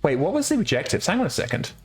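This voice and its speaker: A man's voice: on the high side, sing-song, very fast, faint music behind. Man chatting loosely over a game. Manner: chatty, swears freely, laughs at his own mistakes. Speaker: game developer streaming a game. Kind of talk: casual let's-play commentary.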